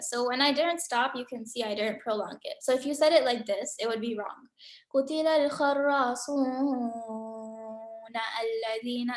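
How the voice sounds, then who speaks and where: A woman's voice: on the high side, echoey room. A woman teaching a Quran recitation class over a video call, chatty and full of filler words. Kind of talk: casual online class teaching.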